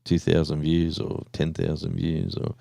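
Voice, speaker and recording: Easygoing Australian guy hosting a live stream, low mellow voice, dry close sound, rambling chatty delivery. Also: completely flat delivery, measured pace, gravelly, no echo. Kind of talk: casual live stream chat.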